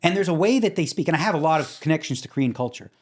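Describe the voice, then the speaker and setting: A middle-aged man hosting a podcast in casual chat, animated and slipping into mock accents and quoted voices. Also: a little high, racing. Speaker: podcast host.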